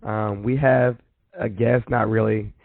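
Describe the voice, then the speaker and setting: A man's voice: lowish voice, fairly even intonation, a little slow, creaky, dry recording. A man hosting a casual podcast chat, easygoing, stumbling over words and laughing at himself. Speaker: podcast host. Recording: phone-like narrow sound.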